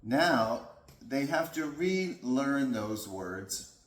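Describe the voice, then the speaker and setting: A man who works as a dog trainer, explaining training in a calm, patient way. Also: mid-range voice, very slow. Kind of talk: instructional talk. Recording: echoey room.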